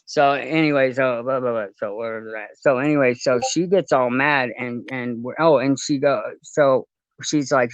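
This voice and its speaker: A man casually telling a long rambling story, halting and laughing as he goes. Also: medium pitch, fairly even intonation, no room sound, highs cut off.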